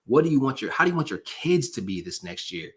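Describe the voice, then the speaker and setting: Very animated and fast-talking, this medium-pitched man hosts a live stream with a motivational pep talk. He hammers home his points through emphatic repetition, much like a preacher, and chats casually straight to his audience.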